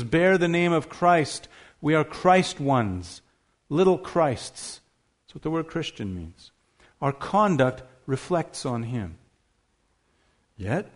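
A man preaching a sermon, emphatic, asking rhetorical questions and stressing key words. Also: on the high side.

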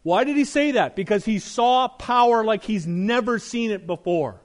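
A middle-aged male pastor preaching a sermon, emphatic, asking rhetorical questions and dropping to a soft, earnest tone. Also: high voice, animated, normal speed.

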